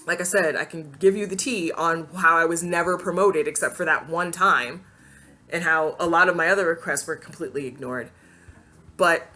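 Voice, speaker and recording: A woman vlogger hosting her own channel, telling a personal story to camera in a casual, expressive way, laughing often and acting out what people said. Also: fairly low pitch.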